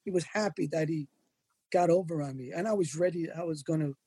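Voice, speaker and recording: An older man tells stories in a high, husky voice with a mellow, dark tone. He is animated and slips into other people's voices as he recounts what happened. The sound is dry and close. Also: brisk, dry recording. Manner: animated anecdotes, acts out quoted voices. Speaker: wrestling photographer and magazine editor. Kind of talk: storytelling in an interview.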